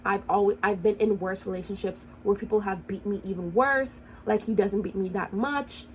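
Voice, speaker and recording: Woman vlogger, impassioned and profane, mid-pitched, faint room hum behind. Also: moderate pace, rough recording. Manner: angry, impassioned ranting; blunt, profane. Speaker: commentary vlogger. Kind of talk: heated reaction commentary.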